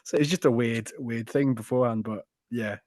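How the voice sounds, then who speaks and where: A man co-hosting a casual football podcast, chatting in an animated and cheeky way with the odd swear. His voice sits at a middling pitch and is recorded dry, with no room sound. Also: moderate pace, no room sound. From Wrexham, Wales. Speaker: podcast co-host.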